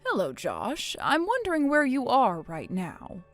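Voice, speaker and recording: A woman voicing a calm, shrewd grandmother who soothes a child and needles her son-in-law. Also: a little high, a little slow, over loud music. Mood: icy.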